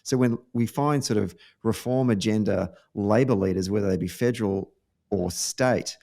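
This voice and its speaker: A man with an Australian accent hosting a political podcast, talking in halting phrases. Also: lowish voice, a little mellow. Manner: hesitant, full of fillers. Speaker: podcast host. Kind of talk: casual political chat.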